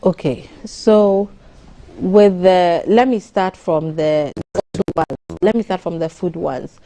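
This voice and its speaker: A woman, a doctor giving measured advice on a morning TV show. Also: on the low side, warm tone, soft background music. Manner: explanatory, measured, advisory. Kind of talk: studio interview on a morning TV show.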